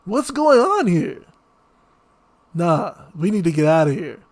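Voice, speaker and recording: A man's voice: sits high, big pitch swings, a little slow. A man hosting a horror reaction video, ranting in an exasperated, casual way about the characters' poor choices.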